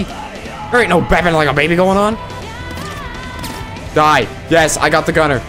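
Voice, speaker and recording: Excitable man yelping over gameplay. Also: on the high side. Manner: excitable, yelping and laughing at the action. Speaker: gameplay commentator. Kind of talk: live gameplay commentary. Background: game music.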